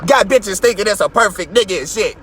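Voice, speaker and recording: A man hosting a podcast, in a loud, mocking, boastful rant from his car, with his voice leaping up in outbursts. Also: high voice, animated, fairly quick, slight background noise. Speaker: podcast host. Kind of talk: profane comedic rant.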